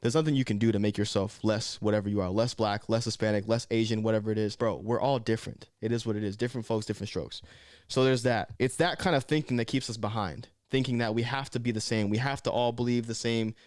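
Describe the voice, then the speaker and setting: A young man from Southern California talking casually to camera, animated and slangy, often saying man and bro. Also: fairly low pitch, fast talker, no echo, clean studio sound. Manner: animated, slips into mocking voices. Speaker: vlogger.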